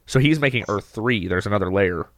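A man co-hosting a podcast, chatting casually and cracking deadpan, crude jokes. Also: on the low side, brisk, dry recording.

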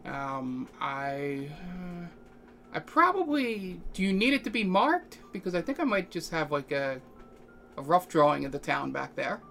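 A man's voice: fairly high pitch, lively intonation, a little slow, gravelly, a bit bright, slight background noise, exaggerated voice. A man doing an easygoing half-elf desk clerk. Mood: casual helpful. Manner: easygoing, chatty, hesitant.

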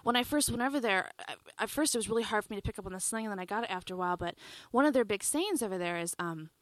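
A young American woman who plays music, telling stories on a radio show in a giggly, animated way. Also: medium pitch, rapid-fire, dry recording. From United States. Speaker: musician guest. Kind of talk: casual radio chat.

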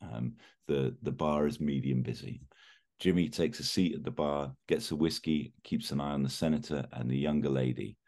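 A man hosting a podcast, telling a film pitch in a chatty, casual storytelling way with frequent fillers. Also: moderate pace, a little mellow. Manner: chatty, laughs while telling.

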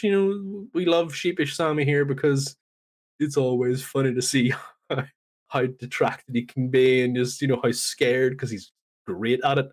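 Guy retelling a wrestling segment, lively storytelling voice, mid pitch. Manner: animated storytelling, acts out quotes. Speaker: podcast co-host. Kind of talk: casual wrestling recap chat.

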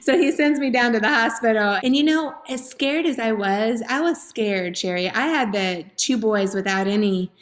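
A slightly high voice at a moderate pace with few pauses belongs to a woman in her forties giving testimony on a faith talk show. She tells her story with earnest feeling, laughing at moments and tearing up at others.

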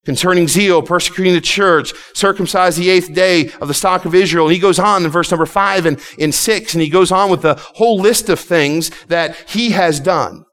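A man's voice: high-pitched, normal speed, few pauses, fairly bright tone. A man preaching a sermon to his congregation, impassioned and repetitive, often stumbling and restarting his words. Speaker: pastor.

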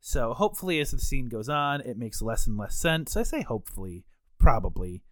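A man's voice: mid-range voice, sing-song, fairly quick, fairly bright tone, dry recording. Young man, wry casual podcast talk. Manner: dry, wry humor. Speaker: podcast co-host. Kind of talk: casual chat.

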